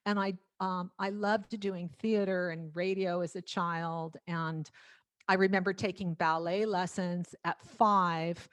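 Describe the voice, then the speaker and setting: A woman singer-songwriter chats warmly through stories, laughing easily and often restarting her sentences. Her pitch sits mid-range, and the sound is dry and close with no room echo. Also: measured pace. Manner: chatty, lively storytelling with frequent laughs and restarts. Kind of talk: casual talk at an album launch.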